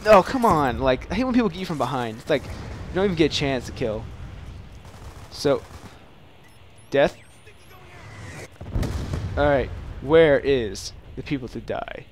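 A young man casually commenting while playing a shooter game, excitable and prone to loud yelps and mock-dramatic taunts. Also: mid-range voice, a little slow, long pauses, slight background noise. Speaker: gaming channel host. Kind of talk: live gameplay commentary.

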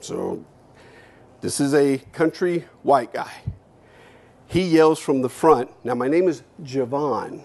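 A man in his fifties gives a keynote speech, telling his story in a candid, animated way with casual swearing. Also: medium pitch, slow, vocal fry, long pauses. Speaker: keynote speaker.

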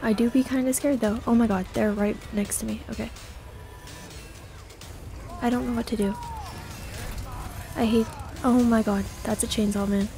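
A woman's voice: fairly high pitch, steady tone, moderate pace, vocal fry, long pauses, warm tone, soft background music. A young woman giving casual let's play commentary in jittery, joking self-talk full of exclamations. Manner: jokey and self-deprecating. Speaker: gamer.

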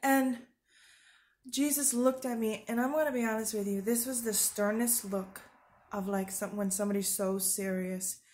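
A woman's voice: mid-range voice, fairly even intonation, moderate pace, a little mellow. A woman preaching informally to her viewers, earnest and urgent, rambling with fillers and restarts. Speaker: Christian video preacher.

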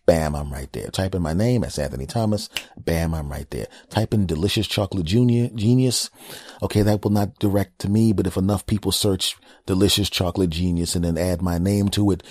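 A man's voice: low-pitched, a little fast, darkish tone, no room sound, studio quality. A man hosting his own podcast, riffing in a brash, joking, profane casual monologue. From United States. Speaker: podcast host.

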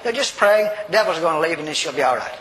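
An older man preaching a sermon, telling a story in a folksy, animated way and acting out the voices. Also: a little high, quick pace. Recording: reverberant hall, faint noise.

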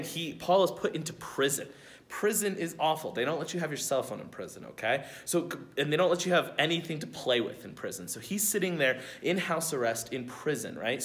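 A young man speaking as a camp youth speaker, giving a casual devotional lesson for kids in a relaxed, chatty way, asking rhetorical questions and checking in with his listeners. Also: on the high side.

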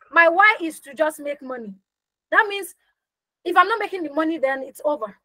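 A young woman teaching a live online business class in a high, bright voice. She speaks with emphasis, repeats key phrases for effect and keeps asking her listeners questions. The sound is close and dry, with no room around it. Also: no room sound, low-quality recording. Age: young adult. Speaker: business coach hosting a workshop.

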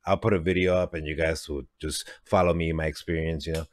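A man hosting a music reaction video, talking casually and excitedly, repeating himself and laughing often; a native Spanish speaker. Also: rumbling low, fast talker, no echo.

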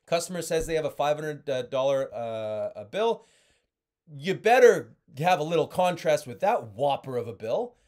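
A man's voice: a little high, sing-song, moderate pace, a little mellow. Emphatic male sales coach. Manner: emphatic coaching, checks in with "okay?" and "right?". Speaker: sales trainer. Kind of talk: sales training talk.

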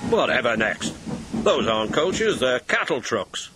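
A man's voice: medium pitch, sing-song, measured pace. A man voicing a proud, grumpy male steam engine in a children's story, haughty and complaining. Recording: voice over loud background music.

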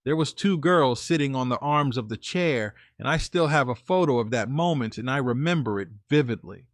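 A man reading a first-person story aloud in a steady, confessional way. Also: mid-range voice, moderate pace, no echo, studio quality. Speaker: story narrator.

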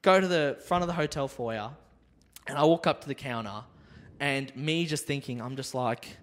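A man's voice: mid-range voice, normal speed. A man, casually telling a rowdy story on a podcast, acting out the other people in it. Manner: animated, acts out the other people in his stories. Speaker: podcast co-host. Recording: reverberant room.

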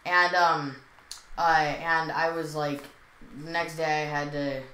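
A woman's voice: sits low, level tone, slow, a bit bright. A teenage girl co-hosting a podcast who rambles through school stories in a casual chat, with many fillers and silly asides. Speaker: podcast co-host. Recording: echoey room with faint noise.

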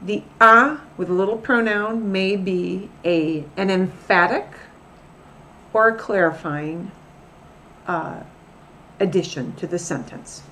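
A middle-aged woman teaching a recorded language lesson, explaining slowly and repeating each example sentence deliberately. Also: medium pitch, sharp tone, a little hiss or hum. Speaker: Spanish teacher.

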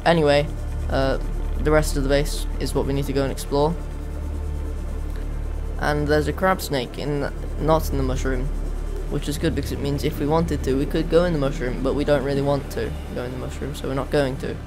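A man's voice: mid-range voice, flat delivery, brisk. A young man giving casual let's play commentary, chatty and easily exasperated. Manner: chatty, exasperated, self-mocking. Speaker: gaming video host. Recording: voice over game audio and music.

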